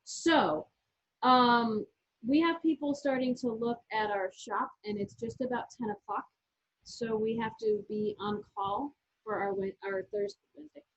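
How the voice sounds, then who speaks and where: A woman with a slightly high, breathy voice talks through knitting techniques one step at a time, restarting her sentences as she goes. The sound is muffled and lo-fi. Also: lively intonation, measured pace. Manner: chatty, explains step by step with restarts. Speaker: yarn shop owner and co-host. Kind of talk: casual knitting chat. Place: yarn shop. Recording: muffled lo-fi audio.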